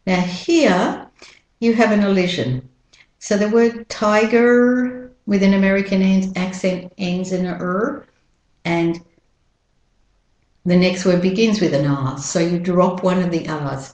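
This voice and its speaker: Woman, accent coach, very slow and deliberate, repeats examples, roomy echo. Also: lowish voice, darkish tone. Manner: slow, drawn-out model words and sentences. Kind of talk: pronunciation lesson.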